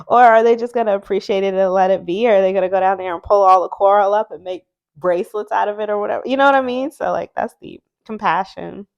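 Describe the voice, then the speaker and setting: A woman's voice: mid-range voice, steady tone, fairly quick, creaky, dull audio. A woman chatting casually as she reviews an oracle deck, reading card words aloud and musing about them. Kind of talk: casual unboxing chat.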